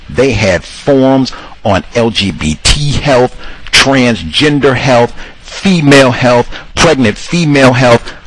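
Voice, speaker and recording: A man hosting a casual commentary monologue, calling his listeners cousins and acting out the people he quotes in higher voices. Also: low-quality recording. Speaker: host.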